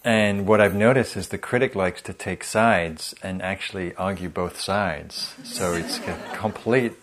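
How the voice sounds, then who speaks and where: Low-voiced male meditation teacher. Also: unhurried, a bit bright. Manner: humorous, conversational, self-deprecating. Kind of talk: dharma talk.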